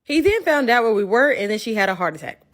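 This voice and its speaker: A woman's voice: a little high, sing-song, quick pace, a bit bright. Matter-of-fact woman telling a story. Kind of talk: casual storytime.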